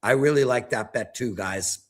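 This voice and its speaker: A man in his fifties, a sports betting handicapper in casual panel chat, ranting in an animated, self-mocking way. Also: medium pitch, normal speed. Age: 50s.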